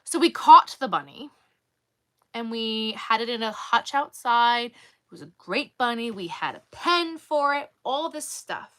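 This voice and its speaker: Bright, lively woman telling a story. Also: on the high side. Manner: animated, exasperated storytelling. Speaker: crochet vlogger. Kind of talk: casual storytelling.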